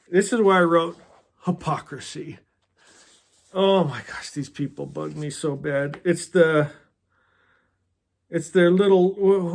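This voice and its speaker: Earnest, high-voiced man talking books. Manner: earnest, chatty, laughs often. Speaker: book club host. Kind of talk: casual book discussion and reading aloud.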